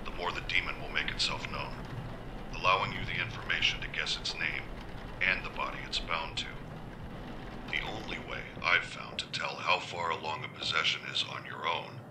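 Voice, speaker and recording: An actor playing a mysterious male mentor who gives warnings about demons, in a whispered role-play with a hushed, breathy voice and slow, ominous instructions. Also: low voice, noisy background, lightly acted.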